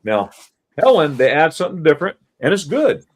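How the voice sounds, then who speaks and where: Animated middle-aged man telling stories. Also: on the high side, a little fast, slightly rough, soft background music. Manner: animated storytelling, quizzing listeners. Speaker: host. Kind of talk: casual live-stream chat.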